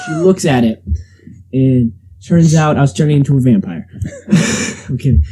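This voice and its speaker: A man's voice: medium pitch, expressive, normal speed, pauses often, warm tone, slight background noise, poor audio. A young man telling a rambling, jokey story in casual chat as a co-host, full of fillers.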